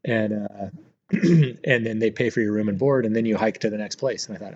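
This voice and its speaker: A middle-aged man, a retired Marine aviator, telling his story as a guest in a relaxed, rambling way with many fillers. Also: on the low side, a little fast, lo-fi sound, a little hiss or hum. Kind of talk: casual storytelling interview.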